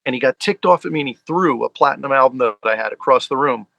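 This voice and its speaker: Here the guest, a fan and collector from the US tri-state area, swaps stories in an easygoing sit-down talk, using lots of fillers. He speaks fast at a medium pitch, a bit bright with vocal fry, on a muffled recording without echo.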